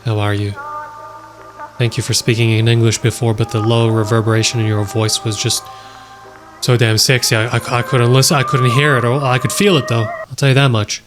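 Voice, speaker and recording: A man giving excitable, joking commentary while playing a horror game, talking straight to his viewers. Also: medium pitch, brisk. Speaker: gaming YouTuber. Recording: loud game music underneath. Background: loud game music.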